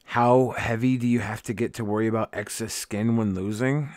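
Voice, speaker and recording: Tired, rambling male streamer with a low voice. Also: fairly even intonation, moderate pace, a little mellow, no room sound, clean studio sound. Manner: rambling, self-mocking, swearing. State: tired and grumpy. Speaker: live streamer. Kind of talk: casual livestream chat.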